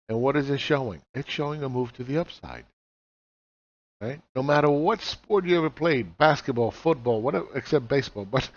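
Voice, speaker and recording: A man in his forties teaching chart reading in a casual walkthrough. He is blunt and profane and fires off rhetorical questions. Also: mid-range voice. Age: 40s. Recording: slightly dull lo-fi recording.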